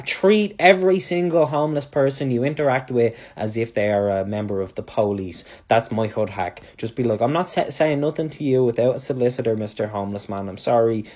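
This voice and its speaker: A man's voice: mid-range voice, a little mellow. A young Irish man giving laid-back, mock-serious comic advice, swearing casually. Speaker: comedy sketch creator. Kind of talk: deadpan comic monologue.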